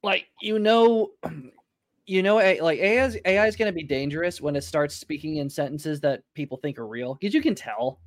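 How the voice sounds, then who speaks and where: A man on a casual podcast rambles and restarts his sentences. His voice sits a little high and the sound is dry. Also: animated, moderate pace, no room sound. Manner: rambling, hesitant. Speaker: podcast host. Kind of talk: casual chat.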